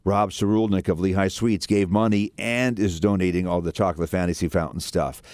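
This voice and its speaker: A man's voice: sits low, steady tone, fairly quick, darkish tone, no echo. A man hosting a radio talk show, speaking earnestly in a rambling way, with many restarts and fillers.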